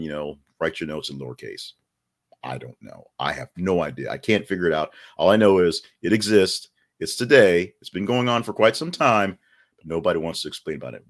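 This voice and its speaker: A man hosting a daily news podcast, reading an ad and a rundown in a chatty, rambling way with wry asides. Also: deep voice. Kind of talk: casual news rundown and ad read.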